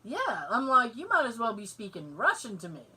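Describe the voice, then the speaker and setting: Lively high-voiced woman podcast host. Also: moderate pace, slightly rough, poor audio. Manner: animated, laughs often, acts out quoted voices, swears casually. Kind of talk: casual chat, storytelling.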